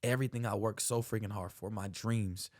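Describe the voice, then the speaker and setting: A man's voice: lowish voice, fairly even intonation, fairly quick, darkish tone. A young man hosting a podcast, telling a personal story earnestly, full of slang like bro and man. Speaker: podcast host.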